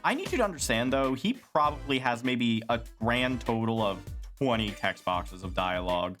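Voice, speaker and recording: A teasing co-host of a game stream, with a bright, sharp voice that rises and falls a lot as he riffs with his friend. Faint game music plays behind. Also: medium pitch, lively intonation, normal speed. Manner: teasing, dry. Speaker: streamer co-host reading along. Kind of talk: casual let's-play chat.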